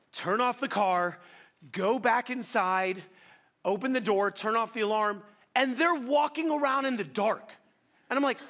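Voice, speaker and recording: High-voiced fast-talking male pastor. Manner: fast-talking, animated, self-deprecating storytelling. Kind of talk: sermon.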